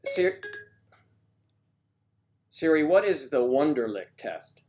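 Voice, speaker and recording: A man's voice: on the high side, big pitch swings, slow pace, a little mellow, slight background noise. A man hosting a casual livestream from home, chatting in a joking, rambling way that drifts between topics. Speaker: livestream host.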